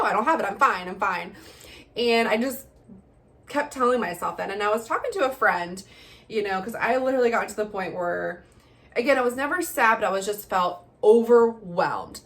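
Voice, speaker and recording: A young woman records a casual personal vlog, speaking candidly to her viewers as a mother. Her delivery is chatty and loose, full of laughs and fillers. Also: mid-range voice. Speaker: vlogger, mother.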